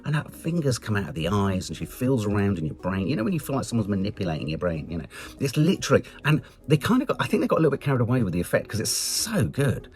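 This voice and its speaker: A man with an English accent giving a chatty, animated film review, swearing casually and jumping into high mock voices. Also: fast talker.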